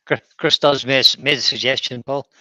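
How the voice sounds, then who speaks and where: Jokey Scottish man with a bright voice. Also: medium pitch, no room sound. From Scotland. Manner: jokey, laughs often. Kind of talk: casual banter.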